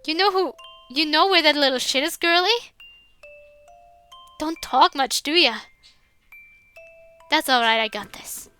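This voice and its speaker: A woman's voice: high-pitched, unhurried, pauses often, sharp tone, soft background music. A woman voicing a crude, sneering schoolboy bully leader in a visual novel. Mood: taunting.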